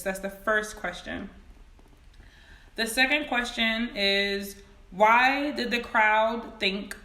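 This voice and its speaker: A woman teaching Sunday school over a phone livestream. She speaks slowly with a bright, forceful tone and reads each question twice. The room around her sounds echoey. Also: mid-range voice. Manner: greets viewers by name, reads questions slowly and repeats them. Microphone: phone camera.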